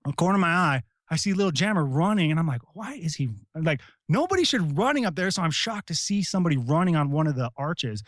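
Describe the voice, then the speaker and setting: A middle-aged American man, a retired Army Ranger, telling stories in casual talk, animated and profane, shouting out the lines he quotes. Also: a little high, fast, hardly any pauses, no room sound, studio quality. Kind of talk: casual storytelling.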